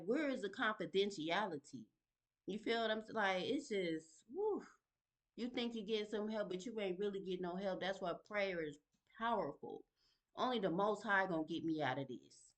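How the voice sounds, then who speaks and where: A woman tells her own story in a casual vlog, at a middle pitch. She speaks in an emphatic, conversational way and keeps checking in with the listener. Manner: emphatic and conversational, fond of asking "you feel me?". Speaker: vlogger sharing her story.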